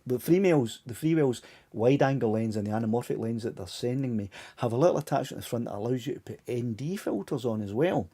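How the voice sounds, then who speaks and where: A Scottish man of about sixty chats his way through a live stream, chuckling and restarting his sentences as he rambles. His voice sits at an ordinary middle pitch but sounds warm and mellow, a little tired as the hour goes on. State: voice tiring, fading. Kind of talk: casual live stream chat.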